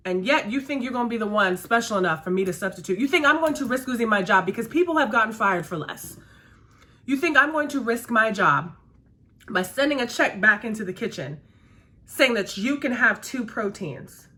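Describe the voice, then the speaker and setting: A woman's voice: a little high, bright, forceful tone. A woman who works as a restaurant server, chatting casually and emphatically while doing her makeup, repeating her key phrases. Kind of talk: casual chat during a makeup routine.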